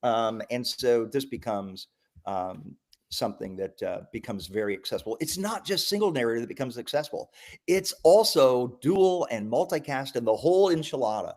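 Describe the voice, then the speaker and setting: A man presenting a live software demo, talking enthusiastically, with lots of ums and restarts. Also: mid-range voice, animated, moderate pace. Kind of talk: live product demo talk.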